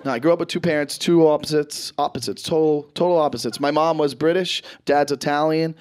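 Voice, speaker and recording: A man performing a stand-up comedy set, telling stories animatedly and swearing freely, his voice jumping high and loud when he acts panicked. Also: fairly even intonation, a little fast. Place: stage in front of a live audience. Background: audience laughter.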